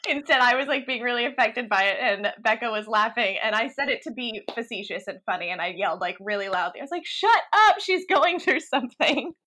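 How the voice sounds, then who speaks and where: A woman with a bright, sharp voice, a little higher than most, recalling old times with a friend. She laughs easily and pokes fun at herself as she talks. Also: fairly quick. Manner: giggly, chatty, self-mocking. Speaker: actor, friend. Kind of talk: casual chat, reminiscing.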